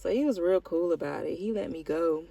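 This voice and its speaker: A woman's voice: on the low side, a little fast, gravelly, mellow, no room sound, rough recording. A woman vlogger talking candidly about her life in a rambling, heartfelt way, with lots of "like" fillers. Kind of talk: candid personal vlog confession.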